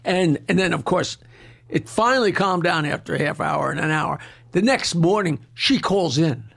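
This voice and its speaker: An older man from Long Island tells a wild story in a boisterous, rolling way and keeps breaking into laughter at his own jokes. His voice sits high for a man and has a gravelly edge. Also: moderate pace, a bit bright. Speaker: comedian guest telling a story. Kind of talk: casual storytelling.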